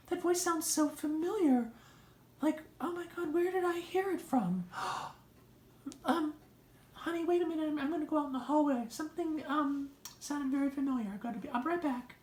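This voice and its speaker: A woman playing a fussy, worried sister who talks in a dramatic, gossipy, halting way. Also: sits high, a little mellow, close to an everyday voice. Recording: echoey room.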